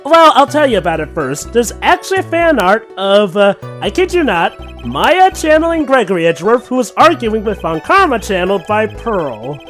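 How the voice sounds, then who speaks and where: Sarcastic gamer voicing the lawyer, pitch jumping around, faint music behind. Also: very animated, moderate pace, few pauses. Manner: sarcastic, theatrical. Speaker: game player voicing the defense attorney. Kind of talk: playful let's-play banter.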